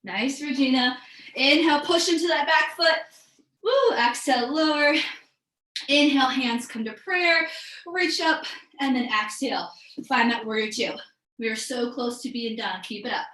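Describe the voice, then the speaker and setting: A woman's voice: high voice, normal speed, bright, forceful tone, roomy sound, poor audio. A woman teaching a live online yoga class, calling out breaths and poses in an upbeat, encouraging way, a bit out of breath. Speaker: yoga instructor.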